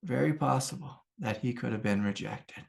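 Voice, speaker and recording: A man's voice: medium pitch, moderate pace, vocal fry. A middle-aged man, a spiritual teacher, telling a story in an earnest, conversational way. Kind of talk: casual storytelling talk.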